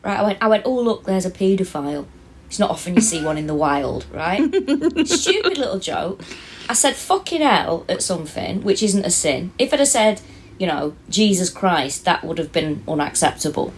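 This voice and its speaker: A woman's voice: on the low side, sing-song, moderate pace, a little hiss or hum. A woman, cohosting a comedy podcast and telling stories animatedly with lots of laughter and swearing. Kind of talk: casual chat.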